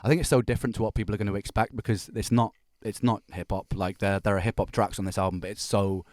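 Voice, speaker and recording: A man's voice: fairly low pitch, level tone, fast, a little mellow, no echo, studio quality. A man, a musician, chatting casually about his album in a rambling way full of restarts. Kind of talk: casual reaction chat.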